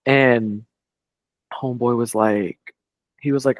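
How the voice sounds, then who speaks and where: A man's voice: medium pitch, moderate pace, dry recording. A man co-hosting a podcast, telling a long story in casual chat, full of "like" and quoted dialogue. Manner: rambling, heavy on "like", quoting others. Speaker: podcast co-host.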